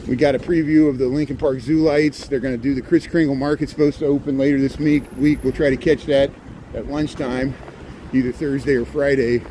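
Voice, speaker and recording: A man's voice: mid-range voice, fairly even intonation, brisk, dark tone, rough recording. Folksy Midwestern man walking city streets. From Indiana. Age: 40s. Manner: folksy, rambling, repeats "here" and "there". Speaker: livestream host. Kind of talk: walking livestream tour. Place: outdoors on a city street in light rain. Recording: street noise behind.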